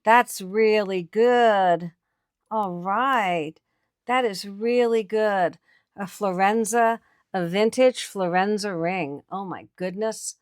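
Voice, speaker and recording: Her voice is medium in pitch, clear and resonant, and she takes things slowly; the recording is dry with clean studio sound. An antiques picker and channel host, she offers casual on-camera commentary at an estate sale, eagerly presenting finds.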